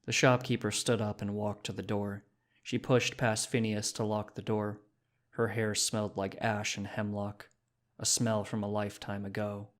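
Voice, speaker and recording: A man reading short stories aloud as narrator, in a steady storytelling manner. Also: fairly low pitch. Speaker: story reader. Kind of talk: scripted narration.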